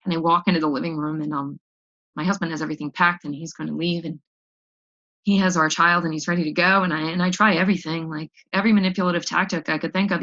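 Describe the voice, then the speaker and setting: A young woman tells her own story of recovery at a meeting, candid and raw, sometimes stumbling over repeated words. Her voice sits slightly low in pitch but has a bright, forceful edge. The recording is dull and lo-fi. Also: fairly even intonation, fast. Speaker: AA speaker sharing her story. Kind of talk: personal recovery testimony.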